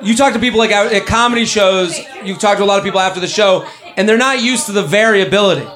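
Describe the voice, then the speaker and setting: A man hosting a live comedy show, rambling and joking in quick asides. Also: high-pitched. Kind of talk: live comedy advice banter. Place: live venue with an audience. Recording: lively audience crowd behind.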